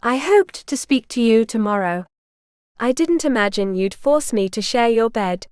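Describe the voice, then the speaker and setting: A woman voicing a proud, stubborn young noblewoman who speaks indignantly and with a sharp tongue. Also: a little high, animated, moderate pace, clear, resonant tone, no echo, clean studio sound, natural voice.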